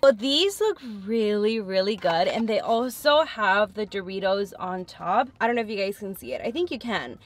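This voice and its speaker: A woman's voice: medium pitch, animated, normal speed, hardly any pauses. A young woman chatting frankly and thinking aloud as she tastes food in a casual eating vlog. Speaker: food vlogger.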